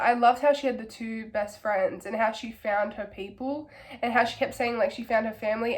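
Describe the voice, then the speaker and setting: A hoarse young woman with a cold, rambling enthusiastically through a casual book review and filling her talk with "like". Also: on the high side. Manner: rambling, filler-heavy, enthusiastic.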